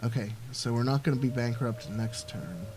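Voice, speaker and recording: A man's voice: mid-range voice, moderate pace, background noise. Rambling man narrating a strategy game. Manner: rambling, thinking aloud with many fillers. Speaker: let's play host. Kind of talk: casual gameplay commentary.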